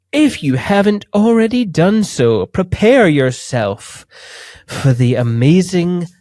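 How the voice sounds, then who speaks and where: A male podcast host chats casually and teases his guest with a joking edge. His voice sits a little high and swings widely in pitch. The sound is dry and close, with no room around it. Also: dry recording. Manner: jokey and animated, teasing.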